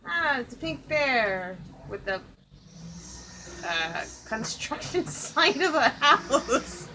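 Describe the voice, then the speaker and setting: Young woman, sarcastic game commentator, deadpan, lively pitch, slow pace. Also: a little hiss or hum, poor audio. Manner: sarcastic, deadpan, laughing often. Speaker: gaming channel host. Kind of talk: casual gameplay commentary. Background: game music.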